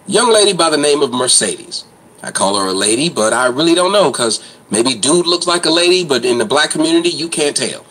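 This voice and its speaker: A man's voice: a little high, lively intonation, fairly quick, a bit bright, low-quality recording. A man hosting an online commentary show, ranting in a blunt, crude, mocking way.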